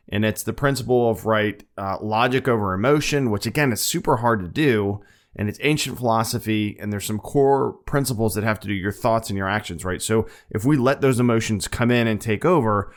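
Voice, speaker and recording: A middle-aged man hosting his own podcast, talking earnestly and plainly, often checking in with a "right?". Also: fairly low pitch. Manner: earnest, plain-spoken, frequent "right?" asides. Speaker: podcast host. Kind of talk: casual monologue.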